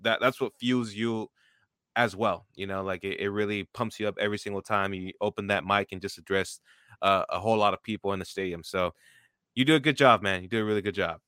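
A man's voice: on the low side, level tone, fairly quick, bright, forceful tone, clear, resonant tone, dry recording, clean studio sound. A man in his twenties hosting a casual interview, loose and full of likes and you knows. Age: 20s. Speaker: podcast host, stadium announcer.

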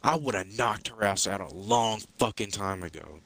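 A man's voice: on the low side, moderate pace, fairly bright tone, low-quality recording. A young man in casual podcast chat, blunt and rambling, swearing constantly and stacking up fillers. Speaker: podcast co-host.

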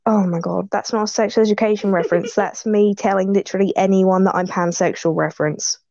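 A woman's voice: mid-range voice, fairly even intonation, brisk, a little mellow, no echo, lo-fi sound. A teenage girl chatting casually as co-host, rambling and laughing a lot. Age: teens. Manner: giggly, rambling, self-deprecating. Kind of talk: casual chat.

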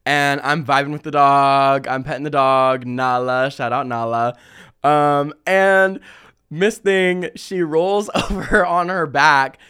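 A young man hosting a casual chat, reading listener stories and telling his own with lively slang and frequent laughter. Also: a little high, takes it slowly, smooth. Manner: animated, laughs often, chatty slang. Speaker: podcast host.

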